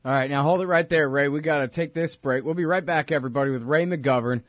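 A man's voice: a little high, quick pace, no echo, studio quality. Heated sarcastic male talk radio host.

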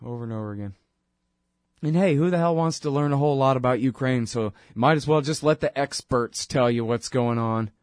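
A man's voice: mid-range voice, fairly quick, hardly any pauses, no room sound, clean studio sound. A man hosting his own talk show, delivering a sarcastic, ranting political monologue full of mocking asides. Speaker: radio show host.

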